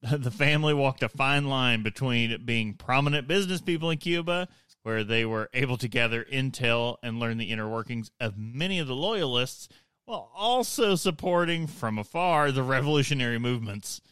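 A man with a bright, crisp voice hosts a casual podcast, reading history notes and cutting in with quick jokes and laughs. The sound is dry and close. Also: medium pitch, animated, no room sound. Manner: laughs often, reads then jokes aside. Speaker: podcast host.

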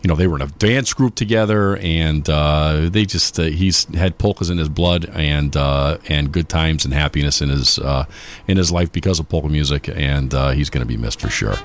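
A man's voice: very deep voice, normal speed. A man hosting a polka radio show, chatting casually on air and reminiscing with many fillers and restarts.

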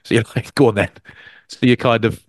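Co-hosting a rugby podcast, a man who is also a rugby commentator tells stories in casual chat, animatedly acting out quotes with big pitch jumps. He speaks briskly, and the studio-quality recording has no echo.

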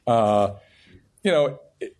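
A man's voice: medium pitch, lively intonation, slow pace, a little mellow, smooth. A middle-aged man, a television writer, telling a long story at a panel interview and often restarting his sentences. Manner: rambling storytelling with frequent restarts. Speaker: television writer and show creator.

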